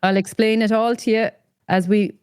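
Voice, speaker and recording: A woman's voice: mid-range voice, fairly even intonation, a little fast, a little mellow, smooth, no echo, clean studio sound. A woman from Ireland with an Irish accent, chatting casually as a guest on a podcast and using Irish turns of phrase. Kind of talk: casual chat.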